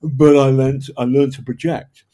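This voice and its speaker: A Northern English man, a journalist and author, tells stories as a guest in a conversational interview, rambling and interrupting himself with a projected voice. He speaks a little slowly in a warm, medium-pitched, level tone.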